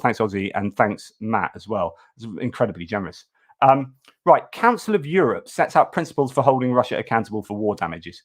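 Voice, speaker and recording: A man hosting a news livestream, giving casual commentary in a chatty, informal way with many fillers and restarts. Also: lowish voice.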